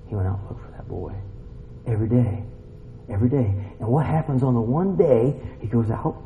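Animated preacher man, lo-fi sound. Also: mid-range voice, fairly quick, a little hiss or hum. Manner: animated, swings from hushed to loud exclamations. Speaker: pastor. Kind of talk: sermon. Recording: dull lo-fi recording.

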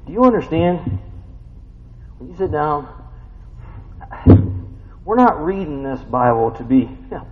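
A man's voice: a little high, very animated, a little slow, long pauses. A man preaching a casual, story-driven sermon, full of rhetorical questions and folksy asides. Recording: muffled sound with long hall reverb.

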